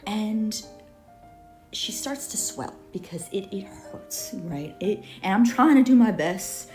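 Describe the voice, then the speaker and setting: A young woman tells a story in a lively, swooping voice. She swears freely and sometimes drops to a whisper. Faint music plays underneath. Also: mid-range voice, slow pace. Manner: dramatic, profane, often drops to a whisper. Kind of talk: animated storytelling on a podcast clip.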